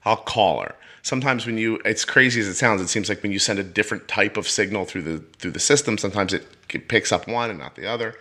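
A man's voice: lowish voice, fast talker, hardly any pauses, sharp tone. A middle-aged man hosting a podcast, telling a story in a casual chat and acting out the voices of the people he quotes. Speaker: podcast host.

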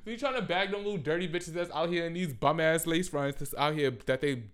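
Smooth-voiced man ranting on a podcast. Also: on the high side, a little fast. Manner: loud, animated and swearing, with mocking asides. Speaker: podcast host. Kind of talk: casual solo podcast rant.

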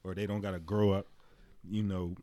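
A young man co-hosting a casual podcast, talking loosely about fatherhood and sometimes jumping into high, animated imitations. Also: normal speed, no echo. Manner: animated storytelling, slips into high mimicking voices. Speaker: podcast co-host.

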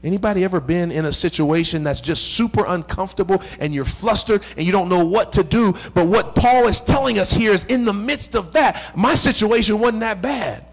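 A man preaching in a church, his voice pitched high for a man. He tells a long personal story in a lively, conversational way, slipping into the voices of the people in it. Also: brisk, few pauses. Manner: animated, conversational, acts out dialogue. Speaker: pastor. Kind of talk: storytelling sermon. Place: church sanctuary.

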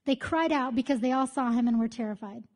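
Chatty high-voiced woman teaching Bible study. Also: brisk. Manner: chatty, candid, lively storyteller. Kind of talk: casual teaching with storytelling. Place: church meeting room with group.

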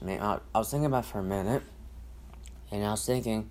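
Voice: deep voice, fairly quick, a little mellow. A podcast host talking alone in a rambling, repetitive way, full of swearing and restarted sentences. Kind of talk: casual solo rant and storytelling.

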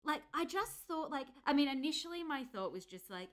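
A woman's voice: sits high, sing-song, a little fast. A woman in casual chat, rambling with lots of filler words while critiquing something. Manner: rambling, heavy use of "like", indignant critique.

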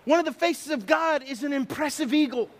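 A man's voice: very high voice, a little fast. A middle-aged man preaching a sermon, telling stories with sound effects and acted asides. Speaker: pastor.

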